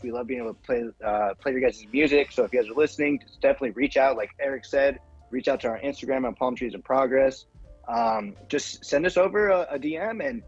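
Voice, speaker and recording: A man's voice: mid-range voice, highs cut off. A man co-hosting a casual chat, talking hesitantly with many fillers and laughing often. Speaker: co-host.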